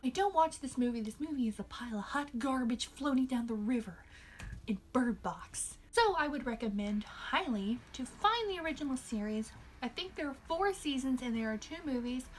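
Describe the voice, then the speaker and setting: A woman's voice: sits high, moderate pace. A young woman vlogger delivering an exasperated, sarcastic movie review rant, sounding a little tired. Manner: sarcastic, exasperated, animated ranting.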